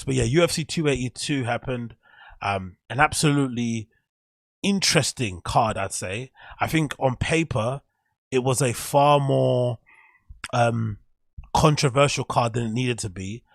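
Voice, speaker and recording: A young English man hosts his own show, ranting with plenty of swearing and frustration. His voice is gravelly and a little husky. The sound is dry and close. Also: medium pitch, dry recording. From England. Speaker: show host. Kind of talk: casual solo commentary.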